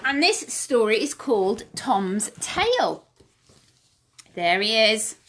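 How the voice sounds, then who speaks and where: A woman's voice: fairly high pitch, big pitch swings, slow pace, a bit bright, slight background noise. A woman leading a home playgroup, reading a picture book aloud to toddlers and asking them questions. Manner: asks children questions, sing-song. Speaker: playgroup leader.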